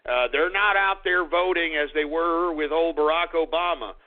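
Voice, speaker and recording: A man's voice: fairly high pitch, normal speed. A man hosting a call-in talk radio show, ranting and sarcastic, swearing often at his callers. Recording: tinny phone-like lo-fi audio.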